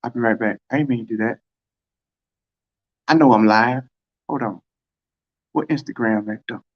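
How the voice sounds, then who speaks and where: A man hosting a casual livestream from home, telling a story and acting out quoted dialogue with big pitch swings. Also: moderate pace, muffled recording. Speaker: track and field livestream host.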